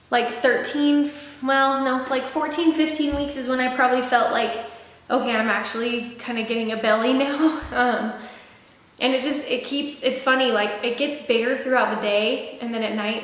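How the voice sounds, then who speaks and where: A young woman talks through a casual pregnancy update in a fairly high voice, rambling with lots of fillers and restarts. She sounds a little short of breath. The room is very echoey, and a long reverb trails after her words. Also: fairly bright tone. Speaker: vlogger.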